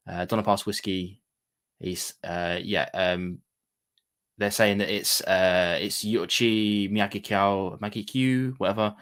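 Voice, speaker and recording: A man's voice: on the low side, a bit bright. Chatty, rambling male whisky streamer. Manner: rambling, chatty, many fillers and restarts. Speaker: whisky show host. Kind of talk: casual livestream chat.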